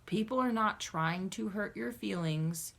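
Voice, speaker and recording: A woman's voice: medium pitch, a little slow, vocal fry, a bit bright. A woman giving a casual tarot reading to camera, blunt and chatty, swearing freely with lots of asides to her viewers. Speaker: tarot reader.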